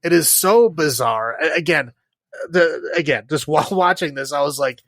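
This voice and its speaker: A man's voice: fairly high pitch, lively intonation, moderate pace, fairly bright tone, no room sound. A man co-hosting a podcast, chatting casually about a movie in a rambling way, full of fillers and frequent laughs. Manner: rambling, many fillers, laughs while criticizing. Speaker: podcast co-host. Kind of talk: casual movie review chat.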